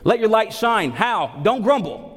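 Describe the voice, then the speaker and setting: A man preaching a sermon as pastor, animated, asking rhetorical questions and repeating words for emphasis. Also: high-pitched, measured pace. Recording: long hall reverb.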